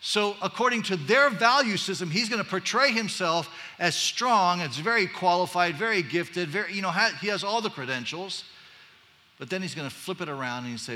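A man's voice: a little high, lively intonation, fairly quick, bright, forceful tone. A man preaching a conversational sermon, casual and chatty with joking asides, in a church sanctuary. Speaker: pastor. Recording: long reverb of a large hall.

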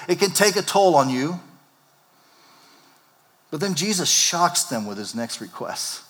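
Guy pastor preaching a sermon, bright punchy voice, long church echo, acts out the disciples. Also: a little high. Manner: animated preaching, acting out the disciples' lines. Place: church sanctuary. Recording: long hall reverb.

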